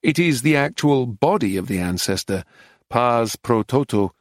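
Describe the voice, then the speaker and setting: A man reading a first-person audiobook narration in a measured, descriptive way. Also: medium pitch, animated, no echo, clean studio sound.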